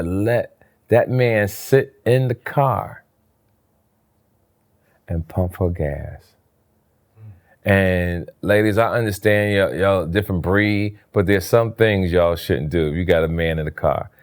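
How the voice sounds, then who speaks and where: A man from New Jersey telling stories in a casual interview, his voice jumping up high when he acts out what people said. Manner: animated storyteller, voice jumps high for quoted lines. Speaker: interview guest, comedian.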